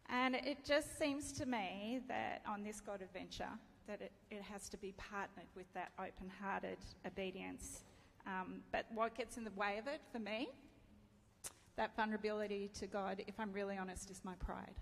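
A middle-aged woman preaches a sermon, sharing a personal story candidly and poking fun at herself while laughing often. Her medium-pitched voice keeps a steady tone at normal speed, with some vocal fry. The sound carries the reverb of a large hall and faint ambience.

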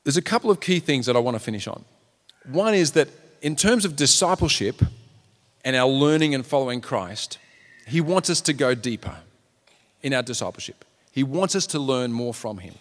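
A man preaching a sermon in an earnest way, now and then acting out the people in a story. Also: mid-range voice. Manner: earnest, acts out quotes in raised voices. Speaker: pastor. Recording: long hall reverb.

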